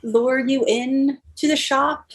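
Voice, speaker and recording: Woman, tabletop game narrator, easygoing, stumbling words, high voice, breathy. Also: fairly even intonation, slow.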